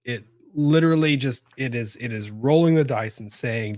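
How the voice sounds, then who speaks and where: A man's voice: medium pitch, normal speed, few pauses, a little mellow, no echo, studio quality. A man hosting a live legal commentary show, thinking aloud, exclaiming and swearing as he reacts.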